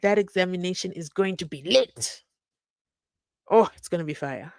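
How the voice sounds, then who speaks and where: A woman's voice: on the low side, expressive, normal speed, vocal fry, a little mellow, dry recording. A woman hosting a true crime live stream, chatting casually, reading viewer comments and laughing often with mock-incredulous questions. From South Africa. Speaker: true crime channel host.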